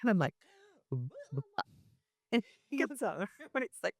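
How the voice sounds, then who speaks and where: A woman, an actress in her thirties, chatting casually as an interview guest, full of fillers and quick laughs. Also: fairly high pitch, sing-song, a bit bright, no echo, studio quality.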